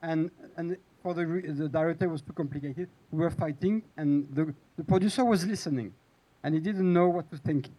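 A man on a panel stage, searching for words. His voice sits a touch high. He stops and restarts his sentences often. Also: warm tone, poor audio. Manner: halting, many restarts and fillers. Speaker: TV screenwriter on a panel. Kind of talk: hesitant panel talk.

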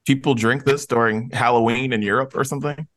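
A man co-hosting a casual podcast, teasing his co-hosts in an excitable way. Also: medium pitch, a little fast, no echo. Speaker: podcast co-host. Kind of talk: casual chat.

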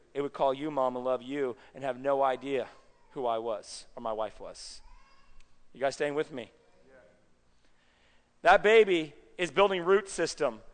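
A pastor preaches a sermon in a church sanctuary, chatty and animated, frequently checking that his listeners are keeping up. His voice sits a little high and sounds smooth, with the spacious acoustics of a big room.

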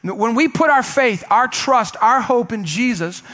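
Male pastor, high-pitched, emphatic sermon delivery, call-and-response with the congregation. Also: animated, unhurried, a bit bright. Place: church sanctuary.

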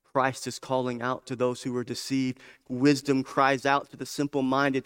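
A man's voice: medium pitch, monotone, moderate pace, a bit bright, clean tone. A man preaching a sermon, building emphasis through repetition and direct questions to the congregation. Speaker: pastor.

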